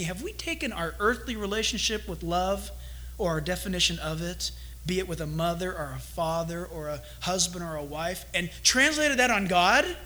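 A man's voice: high voice, pushed and bright. A man preaching a sermon as a pastor, emphatic and full of storytelling.

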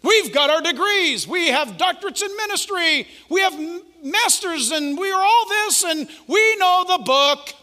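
A man's voice: extremely high pitch, animated, measured pace, few pauses, sharp tone, pitched above the performer's own voice, heavily acted. A man voicing a group of smug, scornful male religious scholars who boast and mock. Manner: mocking, boastful. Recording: long hall reverb.

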